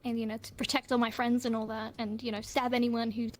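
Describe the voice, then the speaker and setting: A woman's voice: a little high, level tone, fast talker, a little hiss or hum. A woman guest on a live online talk show, telling stories in a rambling, giggly way. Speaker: interview guest. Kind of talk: casual chat. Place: online voice chat.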